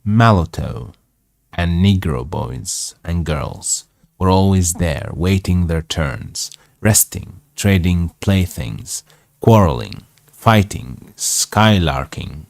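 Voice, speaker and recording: A man's voice: sits low, expressive, takes it slowly, creaky, no room sound. A man whose first language is Arabic, reading a novel aloud live for English practice, stopping to correct himself and add asides. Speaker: host.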